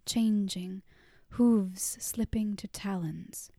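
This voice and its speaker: A woman narrating a story in a soft whispered role-play, hushed and unhurried. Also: medium pitch, no echo, studio quality.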